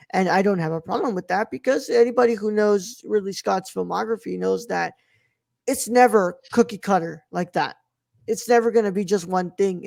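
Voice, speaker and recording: A woman's voice: lowish voice, vocal fry, darkish tone, no room sound, clean studio sound. A woman co-hosting a podcast, talking casually and slangily about a film, with some profanity. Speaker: podcast co-host. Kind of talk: casual film review chat.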